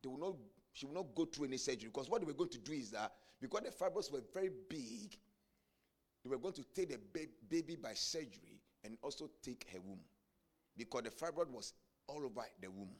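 A man preaching a sermon, telling a story and building to shouted climaxes. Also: medium pitch, animated, a little fast. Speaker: pastor.

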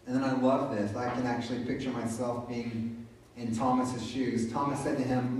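A man's voice: medium pitch, little pitch movement, normal speed, darkish tone. Male pastor, casual preaching manner, recorded from afar in a strongly reverberant room. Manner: conversational, retelling scripture in his own words. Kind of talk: sermon. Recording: very echoey room, voice from a distance.

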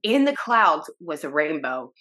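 A woman with a slightly low voice shares her personal faith story as a podcast guest. She speaks earnestly and emotionally, often restarting her sentences and breaking into small laughs. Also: big pitch swings, a little slow, pushed and bright. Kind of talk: personal testimony in a podcast interview.

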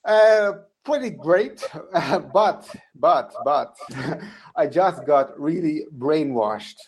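A man's voice: a little high, expressive, very slow, breathy edge. A man from the Netherlands with a Dutch accent, a guest in a casual chat, hesitant with many fillers.

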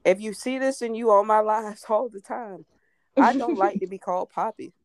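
A woman's voice: mid-range voice, normal speed, a little mellow, no room sound. A young woman, chatting casually, brash, emphatic and swearing freely. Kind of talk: casual chat.

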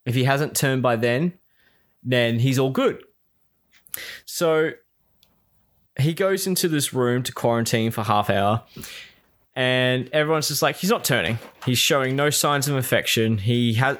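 A man talks through a show's plot in a loose, casual way. He is openly exasperated and curses freely. He drops into quick snippets of the characters' voices as he goes. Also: mid-range voice, fairly bright tone. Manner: profane, exasperated, acts out quoted lines. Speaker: reviewer recapping a show. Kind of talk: casual spoken recap.

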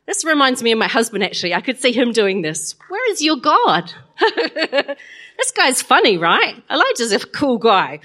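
A woman's voice: a little high, bright, forceful tone. Chatty woman telling a Bible story. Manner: chatty, playful, asks listeners questions. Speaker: Bible lesson teacher.

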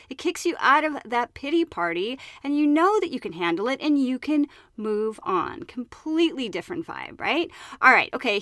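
A woman's voice: fairly high pitch, fairly bright tone, no echo, clean studio sound. A woman hosting a solo podcast, bubbly and playfully profane, reading a passage aloud and riffing on it. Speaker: podcast host. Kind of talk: solo podcast monologue with a read-aloud excerpt.

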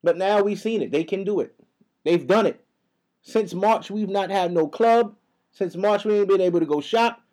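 A young man rants on his podcast in a high, fast, profane, heated flow. His voice sits above the usual male range. He speaks casually, as if to friends. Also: a little mellow. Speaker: podcast host. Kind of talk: casual ranting monologue.

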